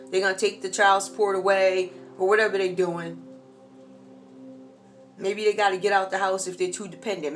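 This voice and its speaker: Chatty woman reading tarot cards. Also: mid-range voice. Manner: chatty, animated, slangy asides. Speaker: tarot reader. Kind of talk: casual tarot reading monologue.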